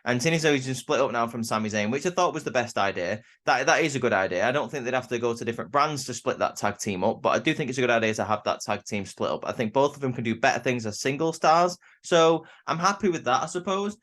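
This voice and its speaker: Young guy, casual recap host, stammery and rambling, mid-pitched. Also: animated, fast, hardly any pauses, a bit bright. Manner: rambling, stammers and restarts often. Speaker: wrestling show reviewer. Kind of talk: casual spoken review.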